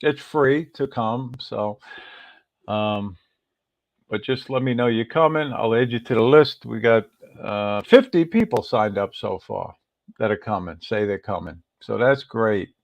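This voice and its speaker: A man's voice: on the low side, a little slow, gravelly, no echo. New man hosting a livestream chat. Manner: reads out viewer names and greets them one by one. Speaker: livestream host.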